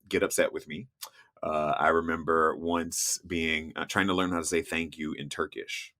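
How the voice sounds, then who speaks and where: A man's voice: low voice, sharp tone, no room sound, clean studio sound. A man chatting as a podcast guest, telling travel stories in a loose, talkative way with frequent restarts. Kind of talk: casual interview chat.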